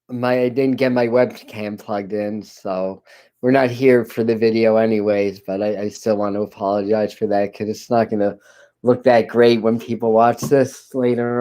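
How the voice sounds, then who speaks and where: Smooth-voiced man chatting on a live stream. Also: mid-range voice. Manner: halting, many restarts and apologies, soft laughs. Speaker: spiritual channeler hosting a live stream. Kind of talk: casual live-stream chat. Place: dim home room. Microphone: computer camera live stream.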